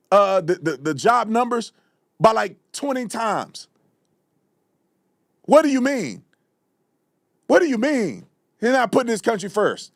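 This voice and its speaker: A man hosting a live commentary show, delivering a fiery, repetitive rant that sometimes breaks into shouting. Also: sits high, no room sound, clean studio sound. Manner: fiery, ranting, repeats himself, shouts at times. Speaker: show host. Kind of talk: heated live political commentary.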